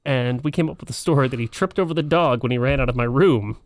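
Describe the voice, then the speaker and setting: A man's voice: mid-range voice, fast, dry recording. Blunt, teasing man in casual chat. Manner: blunt, teasing, with dark jokes. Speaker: podcast co-host.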